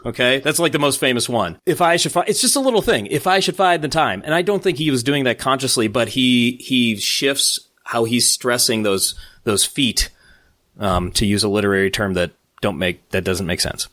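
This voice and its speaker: This music podcast co-host, a man with a mid-range, slightly bright voice, keeps a moderate pace in a casual discussion about music, recorded without echo. He comes off enthusiastic and nerdy, with self-deprecating jokes and small bursts of laughter.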